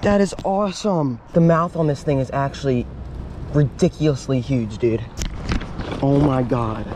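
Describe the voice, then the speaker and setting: A young man vlogging outdoors at a small pond, talking straight to his camera in quick, breathless bursts and repeating himself when something surprises him. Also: mid-range voice, background noise. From Pennsylvania. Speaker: fishing vlogger. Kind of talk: excited outdoor fishing commentary.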